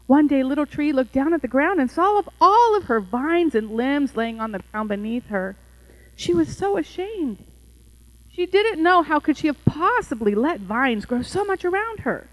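A woman narrating a first-person allegorical story in a gentle, tender, measured way. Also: sits high, big pitch swings, poor audio.

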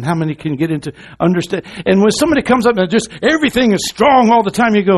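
Animated male preacher, hushed then loud. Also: high-pitched. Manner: quick asides to the congregation. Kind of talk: sermon.

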